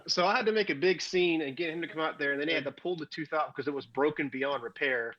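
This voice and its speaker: A man's voice: a little high, fast, lo-fi sound. A man on a casual podcast, telling a story with lots of swearing. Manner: profane, animated storyteller. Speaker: podcast co-host.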